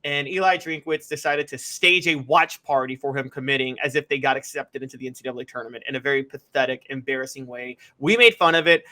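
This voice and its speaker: A man's voice: mid-range voice, a little fast, hardly any pauses, pushed and bright. A man co-hosting a sports podcast, talking casually with sarcasm. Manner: sarcastic, mocking. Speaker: podcast co-host.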